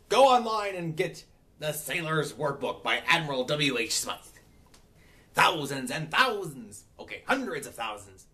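A man's voice: a little high, sharp tone. A man running his own channel, talking in hammy pirate speak in a rambling, self-correcting casual vlog. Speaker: channel owner.

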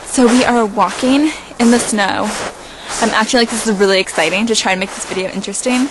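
A woman's voice: fairly high pitch, fairly quick, noisy background. Playful young woman vlogging outdoors. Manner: playful, self-mocking. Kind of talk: casual vlog. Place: outdoors in a snowy backyard.

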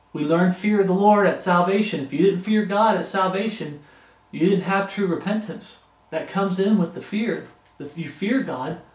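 Preaching a sermon, a man pleads earnestly in a voice that sits quite high for a male speaker. The recording picks up the reverberation of a large room.

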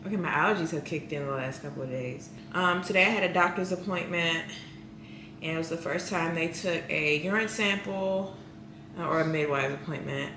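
A woman's voice: sits low, normal speed, reverberant, background noise. A young woman vlogging in a casual, rambling way, with a congested voice. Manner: chatty, rambling with many fillers. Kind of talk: casual vlog chat.

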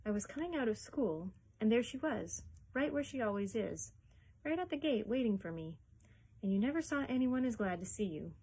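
A woman's voice: a little high, lively intonation, normal speed, warm tone, slightly rough. A woman reading a storybook aloud and voicing a hopeful young boy who pleads in a rush of words. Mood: eager pleading. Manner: eager, words racing, pleading.

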